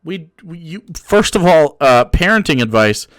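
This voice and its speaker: A man's voice: on the high side, very animated, moderate pace, a bit bright. A man giving casual, sarcastic and profane reaction commentary on a political video.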